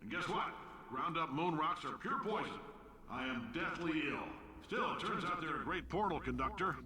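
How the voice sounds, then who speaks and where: A man voicing a brash, reckless company boss in a video game, with a bombastic, boastful sales-pitch delivery. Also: expressive, moderate pace, sharp tone. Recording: echoey game audio with crowd noise.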